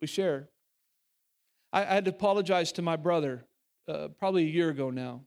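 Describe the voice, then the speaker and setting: A high-pitched male pastor delivering a sermon. He speaks with earnest conviction and stumbles and restarts often. He drops suddenly into quiet, intimate lines, then lifts again to press a point. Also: fast talker, vocal fry.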